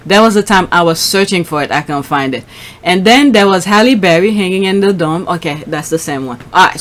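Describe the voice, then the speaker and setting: Chatty woman host reacting to clips. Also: lowish voice. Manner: chatty, reacts aloud while scrolling. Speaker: channel host. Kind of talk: casual commentary on clips and posts.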